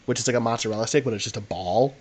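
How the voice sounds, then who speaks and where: This young man co-hosts a podcast and talks very fast at a medium pitch. In casual chat, he spins a long, rambling anecdote packed with fillers.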